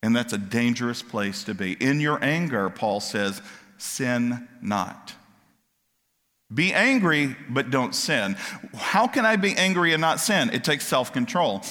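A man preaching a sermon, dropping to quiet asides and rising to loud, impassioned questions. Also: mid-range voice, sing-song, unhurried, long reverb tail. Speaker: pastor.

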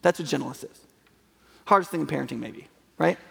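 High, gravelly-voiced preacher man in a hall. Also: a little fast, bright, forceful tone. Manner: conversational, acts out quoted voices, rhetorical questions. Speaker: pastor. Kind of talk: sermon. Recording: long reverb of a large hall.

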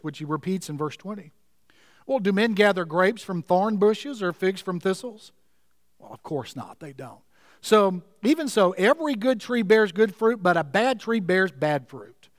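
A man's voice: high voice, no room sound, studio quality, in a large hall. A man preaching a sermon, emphatic and fervent, repeating key words to drive his points home.

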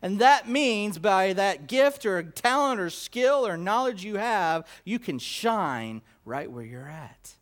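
Slow, swelling male preacher. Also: very animated. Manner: swings from loud emphatic declarations to low quiet asides; slow, deliberate delivery with repetition and stammered restarts. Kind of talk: sermon.

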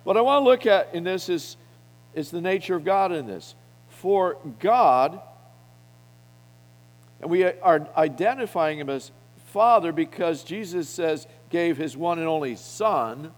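Middle-aged man, preacher, bold emphatic sermon, slightly high voice, long hall reverb. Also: big pitch swings, measured pace. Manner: bold, emphatic preaching with wide swings in loudness.

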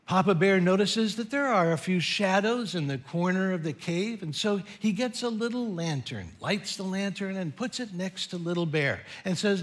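A man's voice: high voice, normal speed, hardly any pauses. A middle-aged man preaching a sermon as pastor, telling a story in a playful way.

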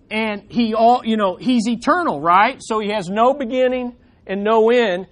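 Middle-aged male pastor, high voice, lively sermon with humorous asides. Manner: animated, joking asides to the congregation.

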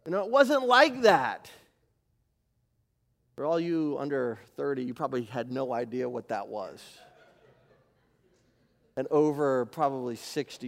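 A man preaching a sermon as pastor, animated, moving from loud emphasis to quiet asides. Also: medium pitch. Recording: live church service.

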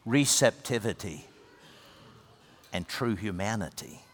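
A man preaching a sermon as a pastor, telling a story earnestly, rising to emphatic peaks and then dropping soft. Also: fairly low pitch, animated, slow pace. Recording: long hall reverb.

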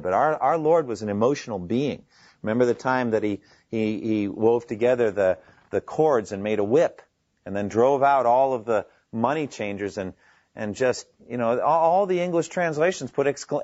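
A man preaching a sermon in a conversational, animated way, acting out scripture quotes with his voice rising high. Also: dry recording, lo-fi sound.

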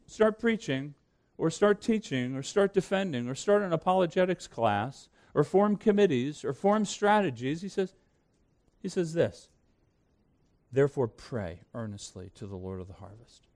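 A man's voice: on the high side, dark tone. A man preaching a sermon as pastor, earnest and reading scripture aloud to his congregation.

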